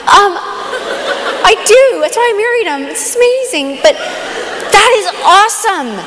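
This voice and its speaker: Young woman speaker at a youth conference, excitable storyteller, reverberant live hall. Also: very high voice. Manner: animated storytelling, excited exclamations. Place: large hall.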